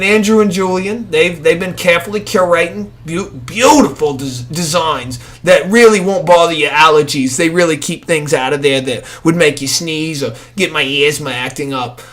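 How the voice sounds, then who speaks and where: A man's voice: high voice, a bit bright, voice pushed up. A man voicing an angry, tired old man who grumbles through a sponsor ad and bickers. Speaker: ad reader.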